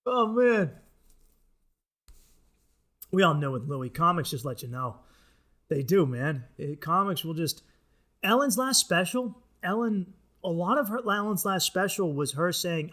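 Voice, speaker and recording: Male comic hosting a podcast, high-ish voice, swearing, ranty solo monologue. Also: moderate pace. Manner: profane, ranting, animated. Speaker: comedian and podcast host.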